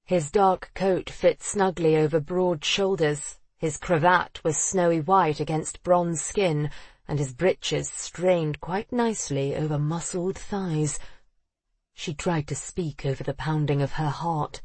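Husky-voiced audiobook narrator. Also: mid-range voice, measured pace, no room sound. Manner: expressive, acting out the characters. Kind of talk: scripted narration of a period romance novel.

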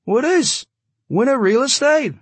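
Loud, high, insistent audiobook giant with a slight Yiddish accent, husky edge, dry sound. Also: male voice, lively intonation, unhurried, dry recording, full character voice. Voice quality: oddly high-pitched, broken English. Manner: loud, insistent, repeats questions. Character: huge young male Hasidic landlord's man, pushy. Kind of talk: audiobook narration.

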